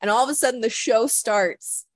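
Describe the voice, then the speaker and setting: A woman guest on a podcast telling a story in casual chat, animated and full of "like" fillers, acting out what people said. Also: a little high, moderate pace, no room sound. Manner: animated storyteller, heavy "like" fillers, acts out quotes.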